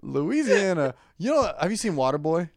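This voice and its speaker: A man's voice: a little high, very animated, normal speed, no echo, studio quality. A man co-hosting a podcast, a stand-up comedian in crude comedic banter, laid-back, trailing off and acting out voices in his stories.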